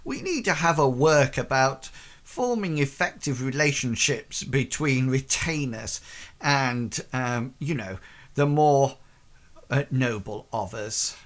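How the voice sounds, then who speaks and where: A man's voice: medium pitch, slow, a bit bright. A man doing a bleary hungover young nobleman. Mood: haughty.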